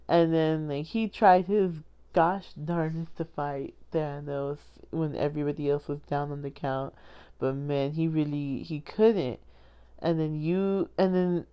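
A woman's voice: on the low side, darkish tone, clear, resonant tone, lo-fi sound. A young woman giving a casual, rambling movie recap, full of "like" and restarts and often laughing. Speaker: movie reviewer.

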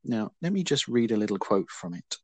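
A man's voice: on the low side, very animated, fairly quick, no echo. A man hosting a casual film review chat, talking with dry, wry understatement. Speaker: podcast host.

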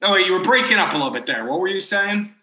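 A man's voice: high voice, very animated, rapid-fire, sharp tone, reverberant, faint music behind, low-quality recording. A young man hosting a podcast, telling a story in a rambling way full of "like" and acted-out quotes. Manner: rambling, heavy on "like", acts out quoted people. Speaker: podcast host. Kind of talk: casual storytelling chat.

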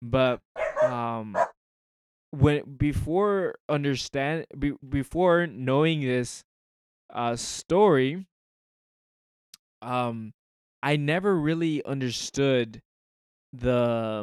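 Male co-host, slow halting delivery, earnest, clean and dry sound. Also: mid-range voice, clear, resonant tone, no room sound. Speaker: podcast co-host. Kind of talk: casual faith discussion.

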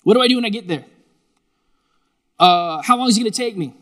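A man's voice: high voice, animated, fairly bright tone, big-room sound, voice pushed up. A man voicing a stubborn, anxious man who fires off worried questions. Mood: fretful. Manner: rapid, fretful questioning.

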